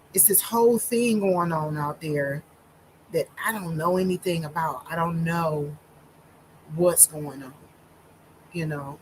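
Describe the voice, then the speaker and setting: A woman minister telling her own story in a slow, deliberate monologue with many pauses and fillers, holding back tears. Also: on the low side, a little mellow, a little hiss or hum, low-quality recording.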